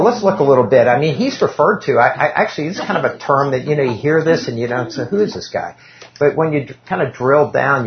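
A man's voice: mid-range voice, vocal fry. A man teaching an informal Bible class in a meeting room, talking casually and reading scripture aloud with self-deprecating asides. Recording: dull lo-fi recording.

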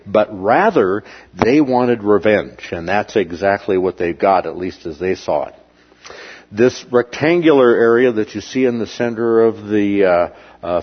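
A man with a fairly low voice teaches a Bible lesson from pictures and a map. He talks haltingly, with many filler sounds between phrases. The recording is slightly dull and muffled. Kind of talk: slide-illustrated Bible lesson.

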